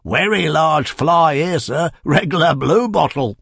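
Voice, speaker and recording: A man reading a storybook, voicing pushy working-class cab drivers hawking their rides in a loud, bantering way. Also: fairly high pitch, expressive, unhurried, gravelly, husky, no echo, studio quality, voice pushed up, full character voice.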